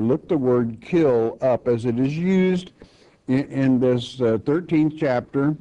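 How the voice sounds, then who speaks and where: An older man, teaching a Bible chapter in a homespun, plainspoken way, with halting restarts. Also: medium pitch, warm tone. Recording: dull lo-fi recording.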